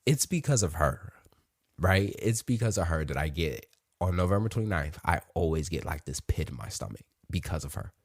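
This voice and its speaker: A man's voice: sits low, big pitch swings, normal speed, no room sound, clean studio sound. A man in his thirties, a podcast host, telling a frank, profane personal story with emotional openness.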